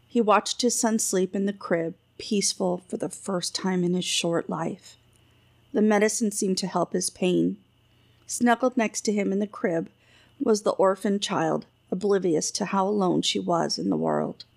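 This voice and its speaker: Brief: woman narrator, measured audiobook reading, gravelly edge. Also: mid-range voice. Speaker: author reading her own book.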